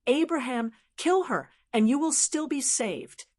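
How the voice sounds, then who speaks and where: A woman's voice: high voice, animated, unhurried, darkish tone, pitched above the performer's own voice. A harsh old churchman who looks down on others and speaks with icy command. A woman reads his lines in an audiobook, with no real change of voice. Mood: cold. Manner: cold, commanding. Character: cold stern old male bishop.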